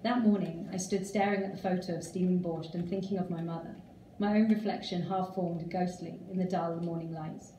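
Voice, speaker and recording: A woman reading her own short story aloud, with calm, measured storytelling. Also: fairly low pitch, a little hiss or hum. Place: reading event room. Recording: roomy, distant live reading.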